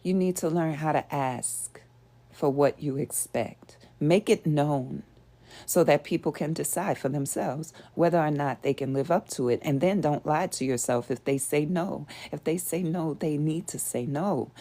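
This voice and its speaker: A woman's voice: deep voice, a little slow, warm tone. A woman hosting a show, teaching spiritual principles to a live audience in an earnest, conversational way and often asking them rhetorical questions.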